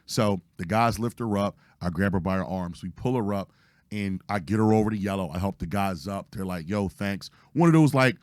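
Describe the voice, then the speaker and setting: A man with a hoarse, lowish voice tells a story, animated and full of cursing. He acts out the lines of the people in it. The sound is dry and close. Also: normal speed, dry recording. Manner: animated, profane retelling with acted-out quotes. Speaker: podcast host. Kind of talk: casual storytelling.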